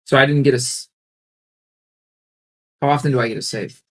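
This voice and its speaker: A man playing in a tabletop game, quietly questioning how the rules work. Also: medium pitch, fairly even intonation, moderate pace. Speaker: player. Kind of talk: casual tabletop game play.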